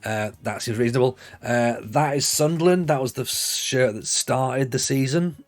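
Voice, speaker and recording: A man's voice: mid-range voice, normal speed. A man in his forties with a Northeast English accent, chatting casually and rambling on a livestream, laughing easily. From Northeast England. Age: 40s.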